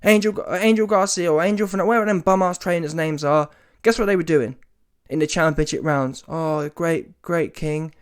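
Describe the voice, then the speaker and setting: High-pitched, a little fast, with a clear, resonant tone, this man rants in reaction to a boxing match. His slangy, casual delivery is emphatic and animated, often mocking, swelling into mocking shouts and laced with swearing.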